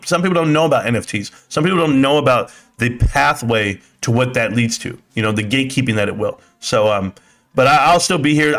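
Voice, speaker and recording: A man with a medium-pitched, slightly bright voice hosts a casual livestream. He rambles and chats while reading viewer comments, swearing now and then.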